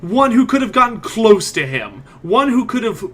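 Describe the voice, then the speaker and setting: A man's voice: high voice, very animated, normal speed, voice pushed up. A man doing a scowling, blustering witch hunter captain. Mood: accusing. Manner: accusing, blustering.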